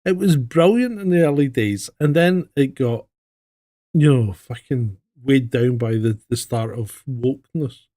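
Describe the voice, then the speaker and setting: A man's voice: mid-range voice, a little slow. A man co-hosting a casual podcast, swearing freely and telling stories with animation. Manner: profane, animated storyteller. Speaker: podcast co-host.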